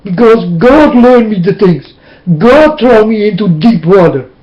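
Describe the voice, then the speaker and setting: A man's voice: high voice, expressive, measured pace. A man whose first language is Dutch, speaking into a webcam in an emotional, tearful, preaching monologue. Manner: impassioned, tearful, repetitive preaching. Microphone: webcam mic. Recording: dull lo-fi webcam audio.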